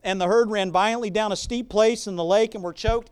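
High-voiced man preaching with emphasis. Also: steady tone, a little fast, few pauses, clean tone. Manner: builds from quiet reading to loud emphatic preaching; conversational asides with fillers and restarts. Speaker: pastor. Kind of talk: sermon with scripture reading.

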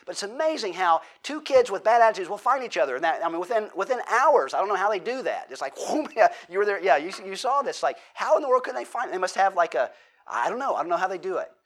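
A man's voice: high voice, very animated, quick pace, a bit bright. A man preaching a conversational Bible-teaching sermon, asking the audience questions and acting out quotes. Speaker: pastor.

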